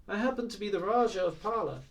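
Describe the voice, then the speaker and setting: Male reader doing a sulky, imperious boy prince, raised pitch, slightly off-mic. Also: expressive, quick pace, far from the mic. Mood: proud. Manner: imperious, sulky, flares up indignantly. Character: haughty, petulant teenage boy prince.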